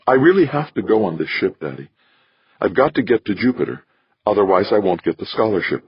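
A bright, gentle young woman, put on by a male reader. The voice is raised well above his own, soft and lively, with a husky grain left in it. The recording is close, dry and a little muffled. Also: lowish voice, brisk, dry recording, pitched above the performer's own voice, exaggerated voice.

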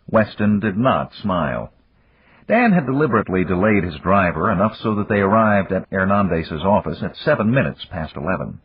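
Husky, low-voiced male narrator. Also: dry recording. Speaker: audiobook narrator. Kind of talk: scripted narration. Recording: dull dry lo-fi recording.

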